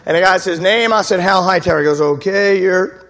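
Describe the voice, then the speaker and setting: A man preaching, telling his testimony as a lively story, acting out the voices of the people in it. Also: sits high, a little fast, long reverb tail. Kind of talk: storytelling sermon.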